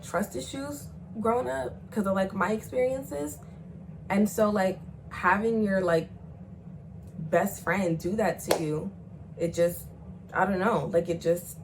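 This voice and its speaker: A young woman speaking tells a wild storytime in a loose, profane vlog voice. She keeps pushing the story along, often leaping into shrill, loud imitations of the people in it. Faint noise sits under the recording. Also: moderate pace, low-quality recording. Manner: animated, profane, swings into loud high acted quotes. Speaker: storyteller vlogger. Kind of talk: casual storytime chat.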